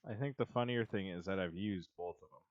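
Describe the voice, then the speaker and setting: A man's voice: low voice, fairly quick, dull audio. A man streaming a block-building game, rambling in a self-amused way and chatting to the creatures he meets. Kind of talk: casual gameplay commentary.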